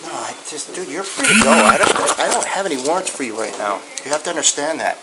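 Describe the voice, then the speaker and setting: A man's voice: a little high, very animated, fast. A male police investigator questioning a suspect in a blunt, firm way, recorded on a bodycam. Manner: blunt, firm, repeats commands. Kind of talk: bodycam interrogation. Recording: bodycam with clear noise.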